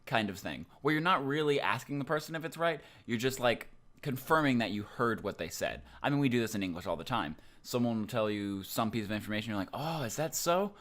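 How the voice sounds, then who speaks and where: Young man teaching Japanese, low voice. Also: fast. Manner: relaxed, loose, with many ums and likes. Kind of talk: casual explanatory lesson.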